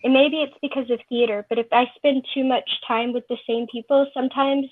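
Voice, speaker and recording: A woman chatting casually on a panel, telling stories in a lively, talkative way. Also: high voice, fairly quick, no echo. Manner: chatty, storytelling. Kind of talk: casual chat. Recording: tinny phone-like online call audio.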